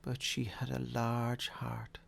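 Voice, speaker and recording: A man voicing a calm, grave ghost in a soft, measured way in a storybook reading. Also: mid-range voice, creaky, full character voice. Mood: solemn.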